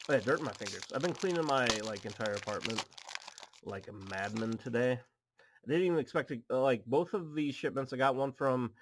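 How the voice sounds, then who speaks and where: A man's voice: medium pitch, a little fast. A man hosting a card-opening video at home, chatting casually and reading card text aloud with goofy asides. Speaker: card pack opening host. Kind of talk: casual chat while opening cards. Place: home apartment.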